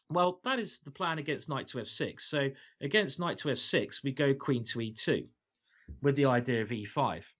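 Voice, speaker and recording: An enthusiastic man gives a chess lesson, stepping through moves with a playful eagerness. His voice sits at an ordinary middle pitch, and he sounds like he enjoys the wild lines he is showing. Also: a bit bright. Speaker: chess coach.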